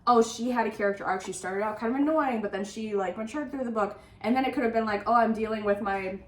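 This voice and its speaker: Woman, book podcast co-host, casual chat, exasperated and animated, slightly high voice, roomy echo. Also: fast talker. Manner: animated, exasperated ranting with frequent "like".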